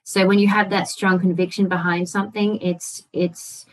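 A woman's voice: mid-range voice, level tone, moderate pace, poor audio. A woman guest in a casual conversation, speaking thoughtfully with some hesitation.

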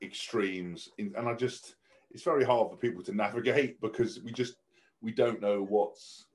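A man's voice: lowish voice, fairly even intonation, moderate pace, darkish tone. A man speaking as a podcast guest, blunt and outspoken, swearing freely and often restarting his sentences. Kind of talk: casual podcast conversation.

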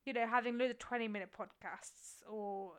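A woman co-hosts a relaxed podcast, chatting in a self-deprecating way. She often trails off and restarts her words, and her voice sits a little high. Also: normal speed, clean tone. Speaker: podcast co-host. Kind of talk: casual chat.

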